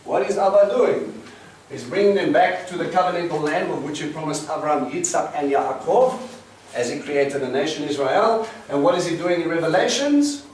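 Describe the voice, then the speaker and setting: A man's voice: a little high, moderate pace, a little mellow. A man teaching a Bible study to a small group, explaining Hebrew words and quizzing the class. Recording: roomy, distant mic with faint hiss.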